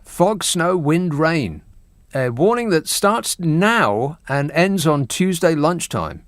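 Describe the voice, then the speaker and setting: A man's voice: fairly high pitch, very animated, slow pace, no room sound. A man hosting a radio phone-in, joking in a dry, mock-serious way. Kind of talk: late-night radio banter. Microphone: studio microphone.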